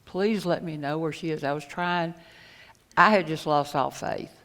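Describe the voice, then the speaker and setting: Low-voiced woman telling her story in a hall. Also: a bit bright. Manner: earnest, halting, retells conversations. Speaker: conference speaker. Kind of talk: personal storytelling talk. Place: conference hall. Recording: echoey hall with long reverb.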